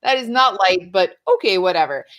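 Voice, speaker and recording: A woman in casual chat, telling animated stories, acting out quoted lines, swearing and laughing often. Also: medium pitch, moderate pace. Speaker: podcast guest.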